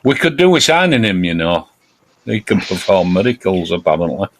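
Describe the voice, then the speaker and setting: A man co-hosting a casual football fan chat, opinionated and quick with jokey asides. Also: sits low, very animated, a little hiss or hum. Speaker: podcast co-host.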